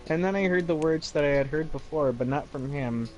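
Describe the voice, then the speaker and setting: A man streaming late at night, reading fan fiction aloud slowly in a deadpan, mock-dramatic way and stumbling over names. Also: fairly high pitch, faint music behind, rough recording.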